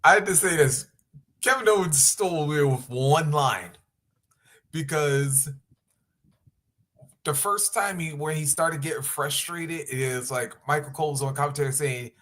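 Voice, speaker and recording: A man co-hosting a casual wrestling podcast, dropping quick agreements and eagerly telling stories. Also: fairly high pitch, fairly bright tone. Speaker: podcast co-host.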